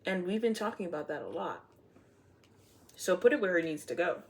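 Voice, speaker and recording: A woman's voice: fairly low pitch, expressive, brisk. A woman giving a casual tarot reading to camera, playful and blunt, swearing freely and laughing often. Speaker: tarot reader.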